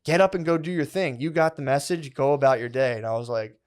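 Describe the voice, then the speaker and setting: A man's voice: medium pitch, fast. A man co-hosting a comedy podcast, telling a long story in a loose, rambling way, with "like" and "dude" in every phrase and plenty of swearing.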